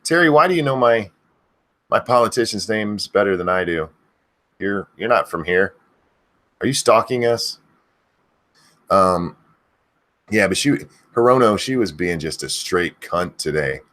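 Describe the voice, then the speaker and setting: A middle-aged man rambles through a casual live-stream chat, swearing often and breaking into high, shouted greetings of viewers' names. His speaking voice sits low but swings widely in pitch. The tone is bright and forceful. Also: expressive, measured pace, pauses often. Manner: crude, swearing.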